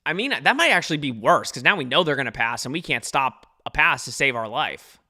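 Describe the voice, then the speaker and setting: A man's voice: medium pitch, fairly quick. A young man hosting a live watch-along podcast, reacting anxiously to a football game and answering chat viewers. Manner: anxious, excitable, talks to chat readers. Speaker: podcast host.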